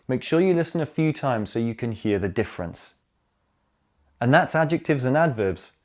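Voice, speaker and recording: A man teaching English grammar in a scripted lesson, with a voice of middling pitch. He lays out each rule deliberately and reads his example sentences aloud with care. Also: lively intonation. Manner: clear, deliberate explanations with spoken examples.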